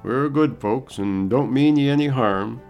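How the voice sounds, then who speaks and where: A man's voice: mid-range voice, unhurried, dull audio, soft background music, voice pushed up, close to an everyday voice. Man playing a teasing cowboy traveler. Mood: wry. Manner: teasing, blunt. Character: wry cowboy traveler, adult male.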